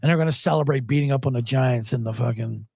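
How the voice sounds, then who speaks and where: A man's voice: mid-range voice, fast talker, vocal fry, a little mellow, no echo, clean studio sound. A man hosting a sports betting podcast, rambling and joking profanely in a casual monologue. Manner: profane, joking, rambling, breaks into mock impressions.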